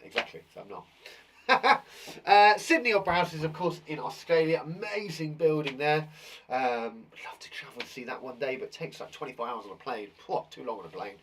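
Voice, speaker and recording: A man's voice: a little high, animated, brisk, fairly bright tone, slight background noise. A man who teaches and hosts a live children's quiz show, talking in an enthusiastic, jokey, chatty way.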